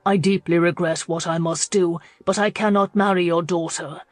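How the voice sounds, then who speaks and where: A woman reader voicing a guilt-ridden young aristocratic gentleman, speaking softly and with restraint. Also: fairly even intonation, normal speed, dry recording, natural voice. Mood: restrained. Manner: low, soft, restrained delivery.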